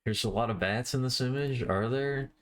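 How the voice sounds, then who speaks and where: A man's voice: mid-range voice, moderate pace. A man chatting casually on a live stream while he draws, rambling and self-deprecating, with offhand swearing.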